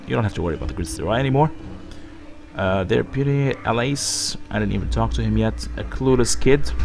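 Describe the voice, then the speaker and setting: Unwell male let's player, chatty and rambling, gravelly voice that swings up and down. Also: medium pitch. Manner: rambling, thinking aloud with many fillers. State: sick. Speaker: let's play host. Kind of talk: gameplay commentary, reading dialogue aloud.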